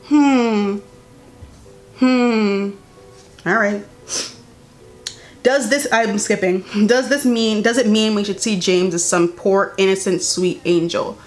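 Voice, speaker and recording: Over soft background music, a young woman YouTuber reads out a statement and reacts to it with sass and disbelief. Her unhurried delivery swings from high-pitched exclamations to low mutters.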